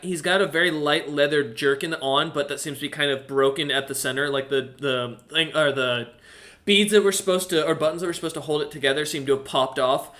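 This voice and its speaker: A man narrates a tabletop game as its game master, his voice bright and a touch higher than most. He rambles between descriptions, filling the gaps with ums and uhs. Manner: rambling with many fillers.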